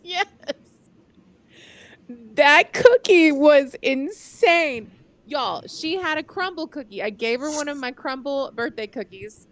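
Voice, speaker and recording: A woman's voice: high voice, animated, moderate pace, fairly bright tone. A woman in her forties co-hosting a live podcast in casual chat, teasing and laughing often. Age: 40s. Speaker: podcast co-host.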